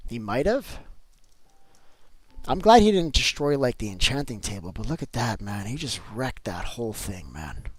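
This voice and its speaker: A man's voice: medium pitch, big pitch swings, moderate pace, no echo. Man, game streamer, casual chat with viewers, dry close sound. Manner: chatty, reads out chat messages, repeats himself.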